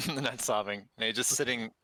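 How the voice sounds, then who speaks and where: A man describing his character's actions in a tabletop game, softly and hesitantly. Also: medium pitch, measured pace, no room sound. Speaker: player. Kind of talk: casual tabletop play.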